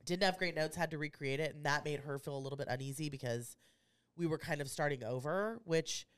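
A woman's voice: deep voice, fairly quick. A woman, co-hosting a casual podcast as an insurance agent, chatty and rambling. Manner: chatty, rambling, laughs easily. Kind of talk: casual chat.

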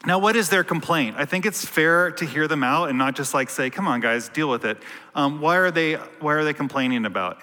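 A man's voice: on the high side, sharp tone. A man preaching a casual, joking sermon, telling stories with quoted asides, as a priest in a church. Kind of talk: conversational sermon. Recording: long church reverb.

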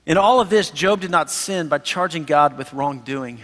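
Brief: male pastor, sermon, animated and conversational, high voice. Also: normal speed. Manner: animated, conversational, acts out quotes. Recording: reverberant hall.

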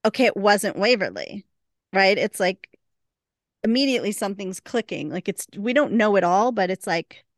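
A woman's voice: mid-range voice, animated, normal speed, no echo, studio quality. Laughing woman recapping a show. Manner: retells scenes with quoted lines, laughs often. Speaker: podcast co-host. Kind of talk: casual recap chat.

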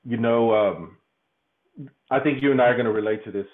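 Halting man on a tinny line. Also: medium pitch. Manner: halting, repeats words, laughs often. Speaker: podcast guest. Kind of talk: candid conversational interview.

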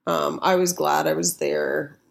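A woman in her forties in casual conversation, speaking slowly and hesitantly. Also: low-pitched, little pitch movement, gravelly. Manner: slow, hesitant, soft-spoken. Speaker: conversation partner. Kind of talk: casual chat.

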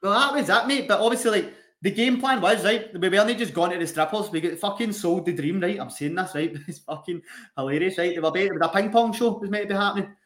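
A man's voice: high-pitched, fast, a bit bright. A young man telling a rowdy story with lots of swearing and laughter, as a podcast co-host in casual chat. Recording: echoey room.

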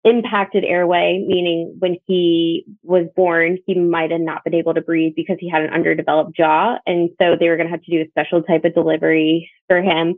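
A woman's voice: lowish voice, flat delivery, fairly quick, few pauses, no room sound. A young woman from Northern Virginia sharing her story as a bereaved mother, in an earnest, reflective, conversational way. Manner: earnest, reflective, quotes others in dialogue. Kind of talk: personal testimony, conversational storytelling. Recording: tinny phone-like line, dry.

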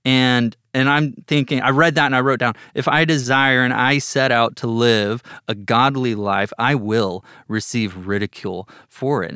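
A man earnestly shares personal reflections on a Bible passage, growing animated when something delights him. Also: medium pitch, clear, resonant tone, no echo, clean studio sound. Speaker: podcast guest.

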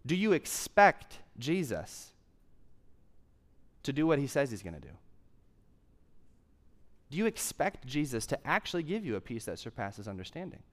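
A man's voice: medium pitch, sing-song, normal speed, long pauses. A young man preaching a sermon in a conversational style, driving points home with emphatic repetition. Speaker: pastor.

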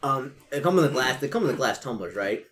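Bright, stammering man at a game table. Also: medium pitch, very animated, quick pace. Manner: bright, laughing, stammers into in-character quotes. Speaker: player. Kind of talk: tabletop role-play banter.

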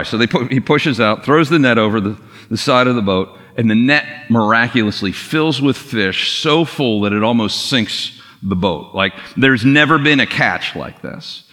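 A man preaching a relaxed, conversational sermon, telling the story as if chatting with friends. His voice is bright and forceful. The long reverb of a big church hall trails after each phrase. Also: medium pitch, moderate pace. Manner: casual storytelling with lively acted quotes. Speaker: pastor. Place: church sanctuary.

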